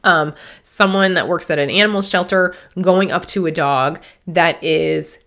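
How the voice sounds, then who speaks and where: A woman with a low, grounded voice talks through a spiritual podcast as a medium. She rambles earnestly and stops to correct herself. She sounds teary, with a sniffly nose. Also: unhurried, a bit bright. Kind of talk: casual spiritual podcast talk.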